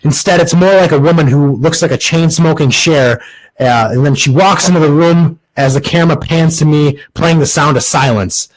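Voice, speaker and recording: Young male podcast host, husky and fairly high, sarcastic comic monologue. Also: moderate pace, poor audio. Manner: crude, sarcastic, restarts lines.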